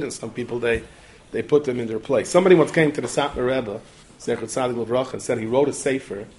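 Male religious lecturer, animated anecdotal storytelling, mid-pitched voice. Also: slight background noise. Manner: animated anecdotal storytelling, mixes Hebrew and Yiddish terms. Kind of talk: storytelling Torah talk.

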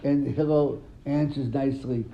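The Talmud teacher has a mid-range voice with fairly even intonation and a moderate pace. He quizzes his students and tells stories animatedly, often saying words more than once, in a dull lo-fi recording with faint room ambience.

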